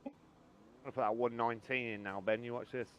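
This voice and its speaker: A man's voice: medium pitch, fairly even intonation, fast, fairly bright tone, smooth, dull audio. A man streaming a co-op racing game, chatting casually, joking and swearing freely as he tells stories between laps. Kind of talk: casual gaming banter.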